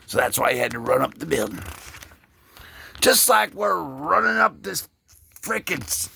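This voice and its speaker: A man hosting a casual comic book read-through, joking and rambling as he voices the characters in quick asides. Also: fairly high pitch, sing-song, vocal fry, bright, forceful tone, a little hiss or hum. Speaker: comic book channel host.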